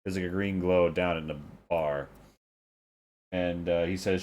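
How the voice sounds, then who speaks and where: A man narrating as game master of a tabletop game, relaxed and loose with fillers. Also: deep voice, unhurried.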